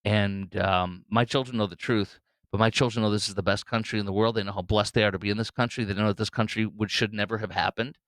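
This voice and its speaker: A man's voice: on the low side, fairly even intonation, fast talker, a bit bright, no echo. A man hosting a solo political commentary show, talking bluntly and mockingly with frequent fillers and restarts.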